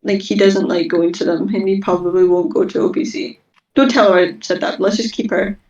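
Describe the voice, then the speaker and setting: A woman's voice: mid-range voice, steady tone, brisk, a little mellow. A teenage girl, rambling and giggling through a casual chat as co-host. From Scotland. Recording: roomy, distant, dull mic.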